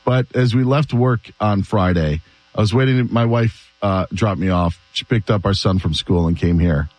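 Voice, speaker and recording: A man hosting a sports radio show, telling stories in an animated, chatty way and laughing often. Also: fairly low pitch, moderate pace, no room sound. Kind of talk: casual sports talk.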